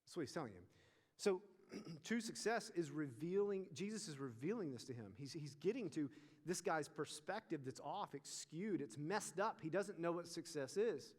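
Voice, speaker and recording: A young man preaching a sermon to a student group, animated and asking the audience questions. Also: on the high side, normal speed. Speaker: youth pastor. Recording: long reverb of a large hall.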